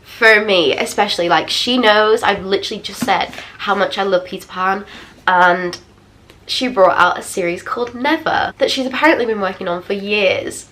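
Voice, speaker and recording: A woman's voice: medium pitch, moderate pace, a little hiss or hum. A young woman in her twenties, chatting casually and expressively as she reviews books for her vlog. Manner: chatty, expressive, self-deprecating asides. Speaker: book vlogger. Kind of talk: casual book review chat.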